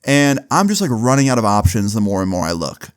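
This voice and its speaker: A man's voice: lowish voice, very animated, brisk, smooth. A young man casually telling a personal story in a slangy, laid-back way, full of "like" and "bro".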